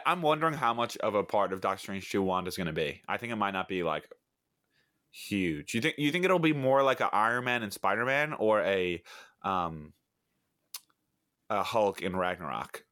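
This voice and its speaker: A man's voice: fairly low pitch, expressive, normal speed, pushed and bright, no room sound, studio quality. A man co-hosting a casual podcast chat, rambling and hesitant with many fillers. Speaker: podcast co-host. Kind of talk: casual chat about a TV show.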